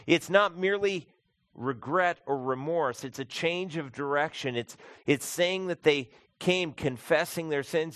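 A male pastor preaching a sermon, emphatic, swinging from loud peaks to quiet, low passages. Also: dry recording. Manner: emphatic, rising to loud peaks then dropping soft.

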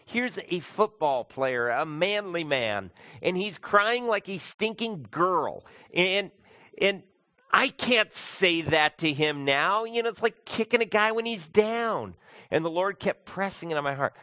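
A male pastor preaching a sermon, emphatic, swinging from loud peaks to quiet, low passages. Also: animated, a little slow, no echo. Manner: emphatic, rising to loud peaks then dropping soft.

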